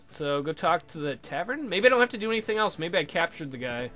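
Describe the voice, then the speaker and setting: A man with a high, bright voice that swings up and down as he narrates his gameplay. He swears, shouts at the screen and reads lines in put-on voices. Faint game music plays underneath. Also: lively intonation, fairly quick, hardly any pauses. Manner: crude, loud outbursts and silly voices. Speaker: let's play commentator. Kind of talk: casual gameplay commentary reading dialogue aloud.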